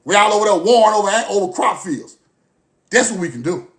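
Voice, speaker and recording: A man delivers a passionate, profane monologue straight to his listeners. His voice sits high, and he keeps circling back to the same phrases. He moves from forceful outbursts to low, muttered stretches. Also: lively intonation, a little fast. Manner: forceful, repetitive, profane, swings from loud to low. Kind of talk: impassioned monologue to camera.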